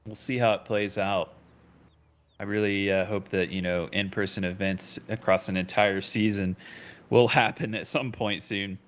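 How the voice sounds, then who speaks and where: A man's voice: lowish voice, fairly even intonation, moderate pace. A man co-commenting a live esports match, easygoing and teasing, chuckling as he talks.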